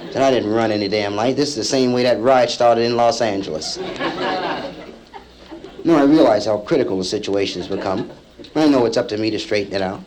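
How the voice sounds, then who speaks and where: A man performs stand-up on a vintage live comedy album. His voice sits at an ordinary middle pitch. He spins a long story and jumps into the voices of the people in it, landing each punchline with energy, and the crowd's laughter rolls in behind him. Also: fast talker, rough recording. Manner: acts out characters in the story, lively punchline delivery. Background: audience laughter.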